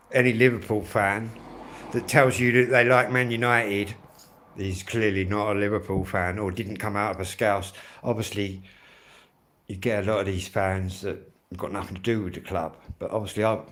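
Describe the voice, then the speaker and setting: A man with a Kent accent, speaking in a fairly low voice. He hosts his own music channel and chats on a live stream in a loose, rambling way. He swears freely and drifts from one point to the next. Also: a bit bright. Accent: Kent English. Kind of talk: casual live-stream chat.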